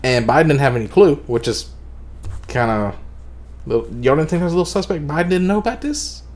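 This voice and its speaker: A man's voice: on the high side, expressive, brisk, darkish tone. A man streaming a casual opinion rant, profane, rambling and sarcastic.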